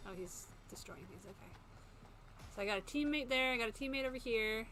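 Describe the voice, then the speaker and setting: A woman's voice: a little high, fairly quick. A woman in her thirties chatting casually while streaming a game, rambling and self-mocking with frequent laughs. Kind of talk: casual gameplay commentary. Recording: game sound noise in the background.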